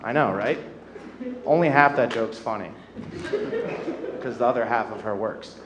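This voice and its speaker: A young man in his twenties doing a self-deprecating stand-up set on a comedy club stage, getting loud at the punchlines. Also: mid-range voice, moderate pace, very noisy. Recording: roomy club with audience laughter.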